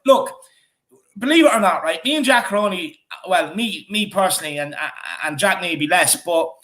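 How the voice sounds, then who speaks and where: Irish male co-host, high voice, chatty, filler-heavy live-stream delivery. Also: lively intonation, moderate pace, a bit bright. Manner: chatty, repeats himself, many fillers. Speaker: fan channel co-host. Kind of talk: casual live-stream chat reading comments.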